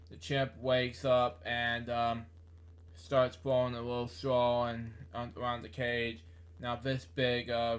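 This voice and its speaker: A man reading a memoir aloud in a halting way, with many fillers and self-corrections. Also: medium pitch. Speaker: book reader.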